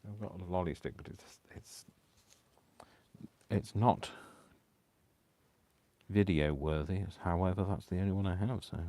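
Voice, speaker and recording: A man with a deep, low voice chats casually through a live crafting session. He rambles and talks to himself as he works. He apologizes often and keeps the talk loose and unscripted. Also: normal speed, pauses often, dark tone, no room sound. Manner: rambling, self-talking, apologetic. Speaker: craft channel host.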